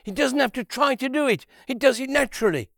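A man's voice: very high voice, vocal fry, a bit bright, no room sound. Guy teaching scripture in a dry-sounding room, chatty, keeps asking questions back at you. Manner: unhurried, repeats key phrases, asks rhetorical questions. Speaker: Bible teacher. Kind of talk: conversational Bible teaching.

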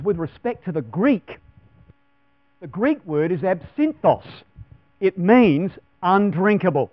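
A man's voice: fairly high pitch, dry recording. A man preaching a Bible class sermon in a folksy, chatty way, asking his listeners questions. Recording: dull lo-fi sound with mains hum.

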